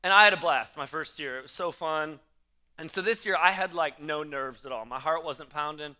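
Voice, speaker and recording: A young man in his twenties preaching as a pastor, telling a self-mocking story with lots of quick restarts and animated bursts. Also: on the high side. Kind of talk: storytelling sermon.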